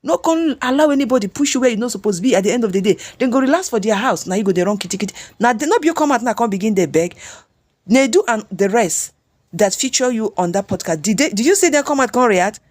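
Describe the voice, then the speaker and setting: A Nigerian woman doing chatty celebrity gossip commentary, scolding and lively, slipping in and out of Pidgin. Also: fairly high pitch, quick pace.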